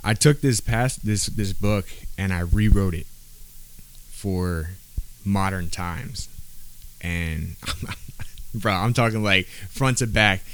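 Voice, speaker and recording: Low-voiced man telling a personal story. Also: slow pace, a bit bright. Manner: casual street slang, many fillers like "bro" and "like". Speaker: podcast guest.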